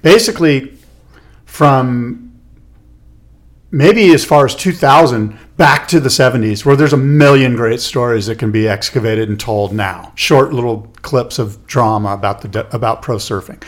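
A man's voice: mid-range voice, a little slow. A man co-hosting a casual podcast chat, rambling and correcting himself as he asks probing questions. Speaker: podcast co-host.

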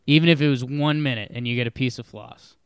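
In a clean, studio-quality recording with no echo, a man co-hosting a podcast chats fast in a mid-range voice. He rambles and jokes about his sports betting picks, restarting his sentences often.

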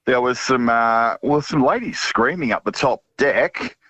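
A man's voice: medium pitch, expressive, measured pace, fairly bright tone, slightly rough. A man, a radio producer, chatting on air with dry jokes. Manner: dry, joking. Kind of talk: on-air chat.

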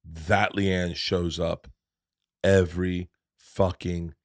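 A middle-aged man talks in a low register and tells a long anecdote full of asides and cursing. The studio mic is close and dry, with no room sound. His delivery sounds loose and conversational. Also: very slow, dry recording. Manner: storytelling, profane, animated asides. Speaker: podcast guest. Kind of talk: casual chat.

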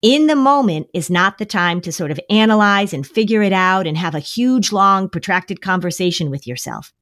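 A woman's voice: mid-range voice, lively intonation, normal speed, a bit bright, no room sound, clean studio sound. A woman therapist on a podcast, giving emphatic, coaching advice with lots of repetition. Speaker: anxiety therapist. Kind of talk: podcast conversation.

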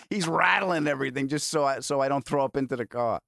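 A man hosting a podcast, telling a long story in an animated, rambling way and swearing freely. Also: medium pitch, brisk, creaky, hardly any pauses, no echo, studio quality. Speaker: podcast host. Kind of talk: casual storytelling chat.

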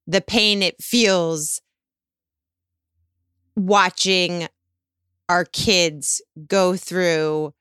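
A middle-aged woman co-hosting a podcast, chatting in an emphatic, animated, self-mocking way. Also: on the low side, extremely slow, long pauses, smooth, dry recording, clean studio sound. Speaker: podcast co-host. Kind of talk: casual chat.

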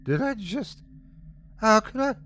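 A man voicing a crazed, furious young mother with shrill, trembling shouts, pitched far above his own voice. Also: animated, slow, exaggerated voice. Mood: horrified pleading.

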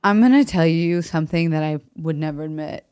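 A woman co-hosting a casual movie podcast, sassy and animated, swearing freely. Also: sits low, a little fast, clean tone, dry recording, studio quality. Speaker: podcast co-host.

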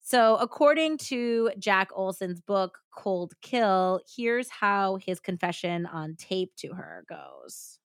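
A woman podcast host tells a story in an easy, chatty way, slipping into the voices of the people in it. Her pitch sits in the middle of the range. The sound is dry and close to the mic. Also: slow, hardly any pauses, clear, resonant tone, no echo. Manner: animated retelling with acted-out quotes. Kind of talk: casual storytelling chat.

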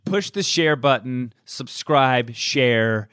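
A playful male podcast co-host with a very lively, bouncing pitch. He teases his partner in casual chat and slips into silly voices. The sound is dry and close, with no room around it. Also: takes it slowly, smooth, dry recording.

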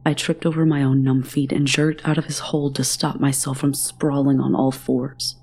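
A woman narrating a horror story in a measured, often whispery way. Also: extremely low pitch, level tone, gravelly, a little mellow, breathy edge.

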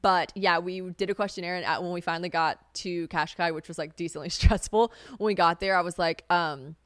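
Chatty, low-voiced young woman podcaster. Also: steady tone, fairly quick, fairly bright tone, no echo, studio quality. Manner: chatty, swearing, laughs, acts out quotes in a high voice. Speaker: podcast host. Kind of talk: casual solo podcast chat.

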